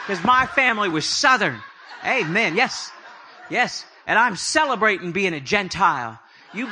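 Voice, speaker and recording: A man's voice: high voice, very animated, normal speed, background noise. A middle-aged man preaching a humorous sermon, telling stories with jokey, self-deprecating asides. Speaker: prophetic speaker.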